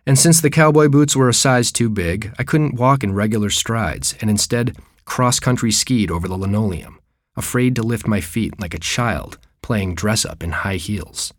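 A man reading a personal memoir story aloud, with wry, deadpan humor. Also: fairly low pitch, normal speed, no room sound, clean studio sound.

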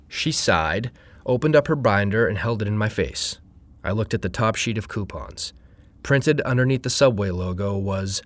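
A man reading a first-person story aloud in a wry, deadpan way. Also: fairly low pitch, normal speed, no room sound. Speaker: narrator.

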